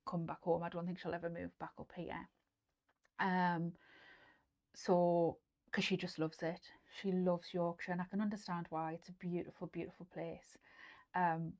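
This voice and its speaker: Chatty Geordie woman hosting a sewing stream. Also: fairly low pitch. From North East England. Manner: chatty, rambling, many fillers and restarts, drops to near-whisper at times. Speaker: host of a sewing live stream. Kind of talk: casual live-stream chat reading viewer comments.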